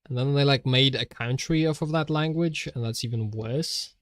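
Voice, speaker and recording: A man's voice: medium pitch, moderate pace, dry recording. Man, livestreamer, casual rambling, joking, laughs a lot, dead-dry close mic. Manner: jokey, rambling, laughs often, restarts. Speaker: streamer. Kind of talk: rambling stream chatter while drawing.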